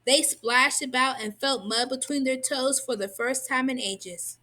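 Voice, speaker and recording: A woman reading a tall-tale children's book aloud in an expressive, lively storytelling manner. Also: sits high, unhurried. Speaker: reader.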